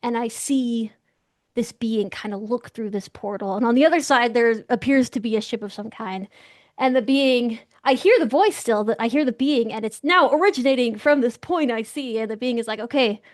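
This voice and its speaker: Animated young woman telling a story. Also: on the high side, moderate pace, no echo, clean studio sound. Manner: animated, excitable, acts out voices in quotes. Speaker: guest. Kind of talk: storytelling interview.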